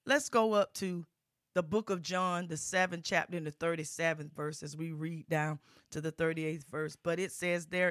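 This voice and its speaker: Preacher, sermon delivery; bright, smooth tone, close and dry, amens and praise-Gods throughout, rises to fervent shouts. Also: mid-range voice, fairly even intonation, unhurried, no room sound. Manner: peppers speech with amen and praise God.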